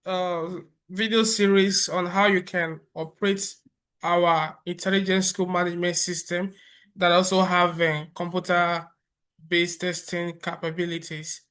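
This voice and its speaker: A man presenting a software tutorial over a screen recording, explaining step by step in a relaxed way with fillers and restarts. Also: high voice, unhurried, clear, resonant tone.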